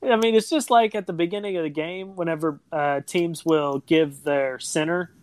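Relaxed podcast co-host spinning scenarios. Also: mid-range voice, normal speed, no room sound. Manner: relaxed storytelling, acts out quoted lines. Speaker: guest co-host. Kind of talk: casual chat.

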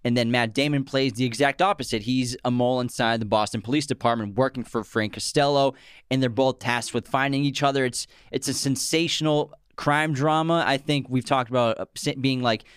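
A man's voice: medium pitch, steady tone, brisk, clean tone, no room sound, clean studio sound. A man co-hosting a podcast, chatting casually and enthusiastically about films and summarizing their plots. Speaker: podcast co-host. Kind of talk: casual film discussion.

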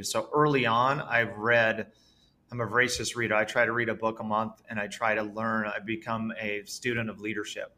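Bright-voiced, enthusiastic male entrepreneur. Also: fairly low pitch. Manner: earnest, enthusiastic, speaks with conviction. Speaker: entrepreneur guest. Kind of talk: conversational interview.

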